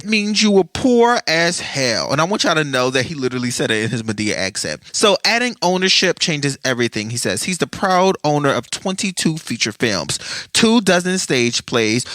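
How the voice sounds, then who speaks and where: Sassy, animated man with a bright voice. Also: a little high, no echo. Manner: chatty, sassy, addresses listeners as y'all; swears freely and laughs often. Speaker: podcast host. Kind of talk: casual solo podcast chat.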